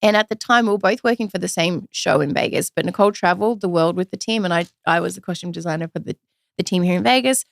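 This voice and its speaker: A woman in her thirties telling a personal story in a casual interview, chatty and animated, acting out the voices of the people she quotes. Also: lowish voice, quick pace, creaky, no echo. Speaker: podcast guest, usual host.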